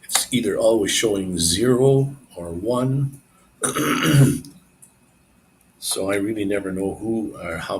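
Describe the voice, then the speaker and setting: A man's voice: sits low, slight background noise, poor audio. A man live streaming, chatting casually and rambling to his viewers. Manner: rambling, relaxed, talks to viewers.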